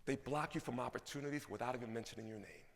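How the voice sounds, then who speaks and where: A man giving an energetic conference keynote, asking the audience questions. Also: mid-range voice, rapid-fire, gravelly, big-room sound. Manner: animated, asks the audience questions. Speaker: keynote speaker. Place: large conference hall.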